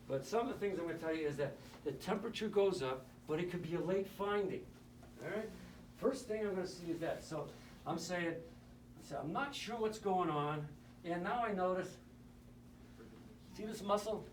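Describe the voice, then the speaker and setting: A man's voice: high-pitched, moderate pace, a little hiss or hum. A man teaching nurses in a live lecture, joking and quizzing the audience as he goes. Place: lecture room. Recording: roomy hall, mic at a distance.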